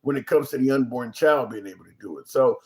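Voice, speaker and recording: A man's voice: medium pitch, fast, a little mellow. A man hosting a live stream, chatting casually with a guest and reading viewer comments aloud. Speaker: show host.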